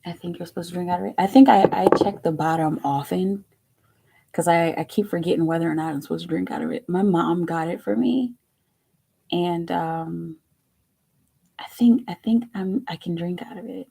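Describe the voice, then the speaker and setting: A woman hosting a live tarot stream, chatting casually with viewers, excitable and quick to laugh, sometimes dropping to a near-whisper. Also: fairly low pitch, gravelly, husky.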